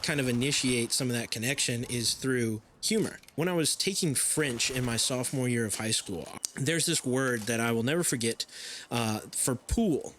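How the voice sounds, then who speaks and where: A man's voice: mid-range voice, a little hiss or hum. Man talking in long rambling runs. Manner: animated storyteller, talks in long rambling runs. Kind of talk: casual conversational chat.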